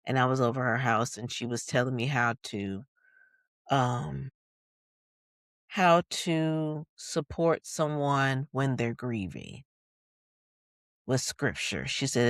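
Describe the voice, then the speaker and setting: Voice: mid-range voice, expressive, fairly bright tone, no room sound, studio quality. Reflective podcast storyteller from Michigan. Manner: thoughtful, lots of fillers, quick narration bursts. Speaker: podcast co-host.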